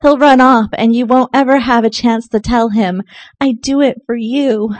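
A woman poet reads her work aloud at a live poetry night, in a fairly high voice. The sound is dry, with almost no room echo. Between poems she drops into soft, casual asides. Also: normal speed. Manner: expressive reading with soft, chatty asides. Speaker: featured poet.

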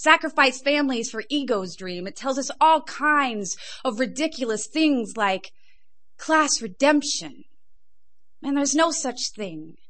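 A middle-aged woman from England performing spoken word poetry, rhythmic and intense, chatting casually between poems. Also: high voice. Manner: rhythmic, intense delivery rising to loud emphatic peaks. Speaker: performance poet.

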